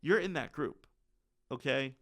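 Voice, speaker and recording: A middle-aged man telling a story casually as a podcast guest, animated and acting out the quotes. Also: mid-range voice, unhurried.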